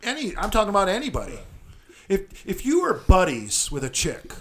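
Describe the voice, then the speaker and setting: A man's voice: sits high, wildly swooping pitch, normal speed, a little hiss or hum. A man, a podcast guest giving blunt, profane advice in crude casual banter.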